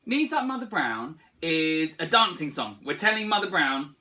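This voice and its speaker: A school music teacher leading children through a singing warm-up from a camera, upbeat, encouraging and playful. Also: medium pitch, very animated, normal speed. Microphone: filming themselves on a camera.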